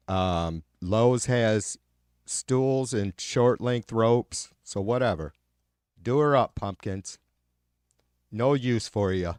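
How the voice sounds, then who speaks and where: A Michigan man with a lowish, darkish, clean voice hosts a casual livestream in studio-quality sound with no echo. He reads viewer comments and rants angrily, swearing heavily, with frequent fillers and restarts.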